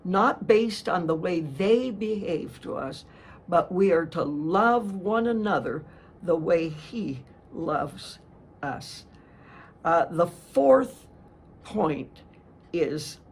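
An older woman giving a sermon, telling a personal testimony in an earnest, slow storytelling way with frequent restarts. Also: fairly low pitch, expressive, husky. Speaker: speaker giving a testimony talk.

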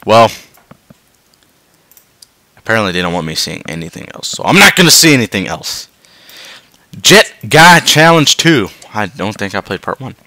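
A man commenting on a game he is playing, his gravelly, bright voice jumping wildly between low mutters and high yelps. He swears constantly and talks slowly. The sound is dry and close. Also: very animated, no room sound. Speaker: gameplay commentator. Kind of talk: profane let's-play commentary.

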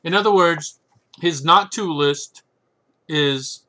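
A man's voice: fairly high pitch, slow, pushed and bright. A man talking casually and rambling about his books, tossing in sarcastic asides and frequent "right?" checks. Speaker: chess book reviewer. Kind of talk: casual solo talk.

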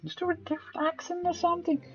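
A man putting on a strained high falsetto to voice a bubbly young female warrior princess in a game. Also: level tone, quick pace, a bit bright, highs cut off. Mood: playful.

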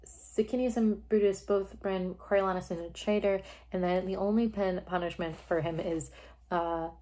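A woman's voice: medium pitch, fairly even intonation, moderate pace, mellow. A woman recorded on a phone, talking through a play in a casual, chatty way with lots of fillers and the odd swear word. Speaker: video creator summarizing a play. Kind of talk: casual spoken commentary.

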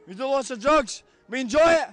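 A young Scottish man on a night out, loud, drunk and rambling as he is interviewed on the street. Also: extremely high pitch, lively intonation, fairly quick. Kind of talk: rowdy street banter.

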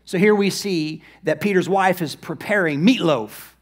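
Man, pastor, animated sermon, high voice, acts out quick asides. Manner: lively preaching, acts out Bible figures in quick asides.

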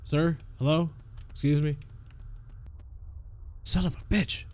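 A young man giving excitable live gameplay commentary, swearing and laughing as he reacts. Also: a little high, slow. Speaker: streamer.

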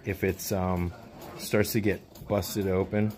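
Low-voiced man chatting at a rescue. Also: level tone, slow pace, darkish tone, slight background noise. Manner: earnest, chatty, explains animal care. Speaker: host of animal rescue channel. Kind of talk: casual on-location vlog chat.

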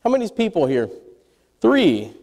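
Lively high-voiced preacher in a reverberant hall. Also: male voice, a little slow. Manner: animated, asks the congregation questions. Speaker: pastor. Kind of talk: sermon.

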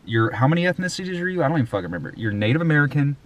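A man hosting a vlog in a casual, profane rant, excitable and jumping between loud outbursts and muttered asides. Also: a little high, rapid-fire, highs cut off. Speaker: vlog host.

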